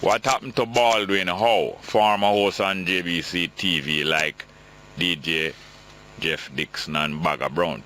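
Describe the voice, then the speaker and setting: A man's voice: low-pitched, sharp tone, slight background noise, rough recording. A man with a Jamaican accent hosting a call-in radio talk show, reading listener texts and commenting in patois.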